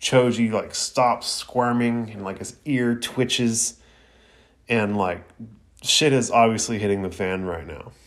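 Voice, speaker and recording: A man reviewing an anime episode in a casual, slangy, excited way, laughing often. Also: on the low side, slow pace.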